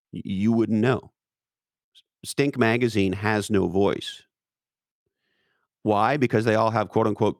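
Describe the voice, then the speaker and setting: A man's voice: on the low side, gravelly, no room sound, studio quality. A man talking casually as an interview guest, emphatic and profane, with many restarts.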